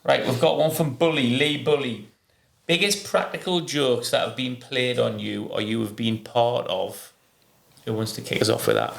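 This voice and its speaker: A middle-aged man hosting a casual podcast chat, telling stories with his pitch jumping up high when he gets excited. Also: normal speed, vocal fry. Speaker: podcast host.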